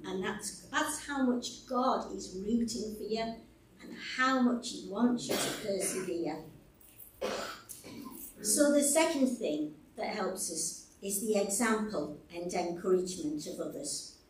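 A woman preaching a sermon in a church hall, slow and deliberate, warmly expressive. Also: mid-range voice, distant mic, a little hiss or hum. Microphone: stage microphone.

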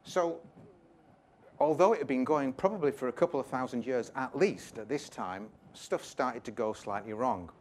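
A man's voice: mid-range voice, normal speed, slight background noise. A man giving an informal, jokey sermon, retelling a Bible story with chatty asides. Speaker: preacher.

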